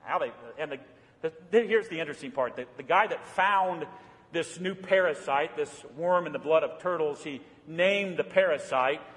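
A male pastor delivers a sermon in a high voice, mixing folksy, homespun stories with earnest, quiet appeals. The sound rings with the long reverb of a large hall. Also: normal speed. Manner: storytelling, folksy, dropping low for earnest points.

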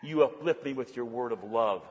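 A man preaching a sermon as pastor, swinging from raised, fervent calls to hushed, soft-spoken prayer. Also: medium pitch, normal speed, highs cut off, slight background noise. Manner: impassioned preaching, voicing God's call in a raised voice. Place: church sanctuary. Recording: long church reverb.

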